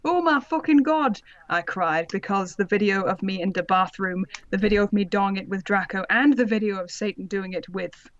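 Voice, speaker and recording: A woman's voice: medium pitch, steady tone, fairly quick, few pauses. Woman reading trashy fanfic aloud, snarky asides, kinda dull lo-fi sound. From Britain. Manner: sardonic asides, laughing while reading. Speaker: podcast co-host and narrator of the reading. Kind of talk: comedic dramatic reading with commentary. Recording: slightly dull lo-fi audio.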